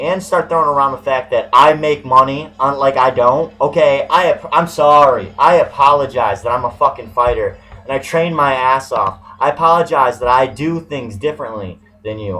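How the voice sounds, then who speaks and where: Bright-voiced man on a profane rant. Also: on the high side, moderate pace, poor audio. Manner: profane, ranting, swearing heavily. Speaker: vlogger. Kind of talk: angry ranting vlog.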